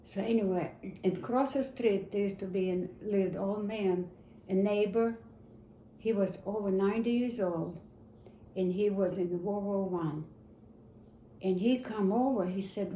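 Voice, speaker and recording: A woman in her eighties telling a personal memory in a halting way, repeating words and restarting sentences as she goes. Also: mid-range voice, dark tone. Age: 80s. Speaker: interviewee. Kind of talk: personal war memory storytelling. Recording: roomy echo, faint ambient noise.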